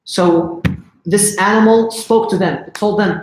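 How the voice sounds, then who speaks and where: A man's voice: high voice, steady tone, a little slow. A man telling a religious story in a casual livestream lesson, chatty and often asking the audience questions. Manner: conversational, asks the audience questions. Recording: roomy echo.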